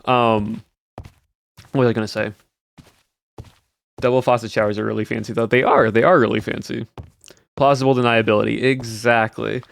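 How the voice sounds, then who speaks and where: A man's voice: medium pitch, fairly even intonation, normal speed, creaky, long pauses, no room sound. Young man rambling on a livestream. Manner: rambling, answers chat between stories. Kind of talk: casual chat to stream chat.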